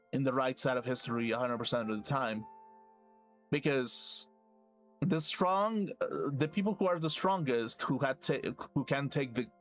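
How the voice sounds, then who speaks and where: A man streaming a game and ranting casually, rambling and swearing as he goes. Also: mid-range voice. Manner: rambling, profane, laughs to himself. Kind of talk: casual rambling rant while gaming.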